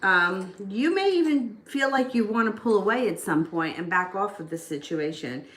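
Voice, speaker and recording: A woman's voice: medium pitch, lively intonation, moderate pace, a bit bright. Chatty woman reading tarot, echoey room. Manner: chatty, talks baby talk to a child between readings. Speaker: tarot reader. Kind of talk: casual live tarot reading. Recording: echoey room with background noise.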